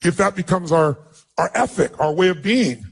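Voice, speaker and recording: A man with a husky, somewhat raised voice addresses an audience as a motivational speaker. He tells a personal story with emphatic delivery and acts out the people in it. His tone is earnest and stirring. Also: high-pitched, expressive, moderate pace.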